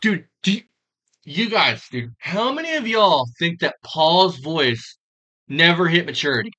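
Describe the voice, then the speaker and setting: A man rips into a stream with crude, mocking reaction commentary and keeps cracking up. His voice is bright and sharp, and his pitch swings widely as he talks. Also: big pitch swings, measured pace, lo-fi sound. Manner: crude, mocking, laughs often. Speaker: stream reviewer.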